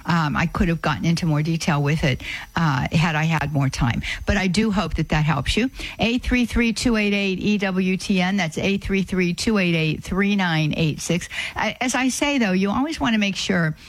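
Halting woman hosting a call-in radio show. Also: fairly low pitch, dry recording, low-quality recording. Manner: halting, many fillers and restarts.

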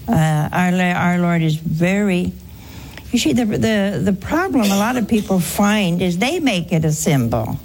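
A woman's voice: fairly low pitch, expressive, a little mellow, a little hiss or hum. A woman hosting a religious call-in show, answering a caller with earnest, emphatic teaching and repeated points. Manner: slow, earnest, emphatic preaching with repetitions.

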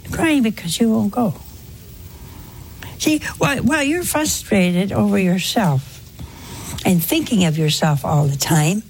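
A woman's voice: medium pitch, expressive, measured pace, long pauses, darkish tone, a little hiss or hum. A woman giving a spoken sermon to a congregation in a folksy way, full of rhetorical questions and anecdotes. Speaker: religious speaker.

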